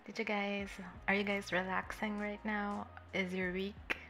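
A woman livestreaming and chatting warmly with her viewers. She giggles often, sounds nervous, and is a little tipsy. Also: mid-range voice, little pitch movement, measured pace. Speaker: streamer greeting chat. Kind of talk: casual livestream chat.

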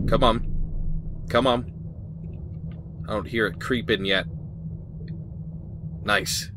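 A man's voice: lowish voice, background noise. A man hosting a game playthrough, reading the game's text aloud and thinking aloud with hesitant ums and hmms. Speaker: let's play host.

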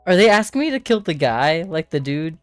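A woman's voice: deep voice, sing-song, a little fast, faint music behind. A woman playing in a tabletop game, casual and reactive in her replies. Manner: casual, reactive, plain-spoken. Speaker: player. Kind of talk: tabletop game role-play.

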